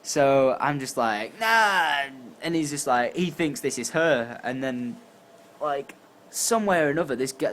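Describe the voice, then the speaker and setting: Tired young man telling a story. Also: slight background noise. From England. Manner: animated, acts out quotes with jumps in pitch and volume. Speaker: YouTuber. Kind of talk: casual storytelling to camera.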